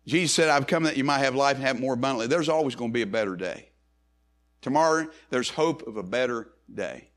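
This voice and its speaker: A man preaching a sermon as pastor, swinging from quick, low asides to slow, high, emphatic rises on key phrases.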